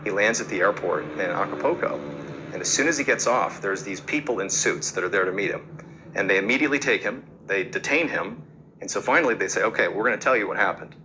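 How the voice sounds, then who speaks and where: A man's voice: lowish voice, animated, brisk, noisy background. A man hosting a podcast, telling a story casually and conversationally, with fillers and repeated words. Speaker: podcast host.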